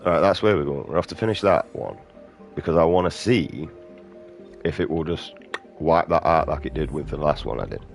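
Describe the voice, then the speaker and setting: A man's voice: rumbling low, lively intonation, a little fast, gravelly, faint music behind. A British man giving casual, profane, ranting commentary while playing a video game. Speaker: gaming streamer. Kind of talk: casual commentary over gameplay.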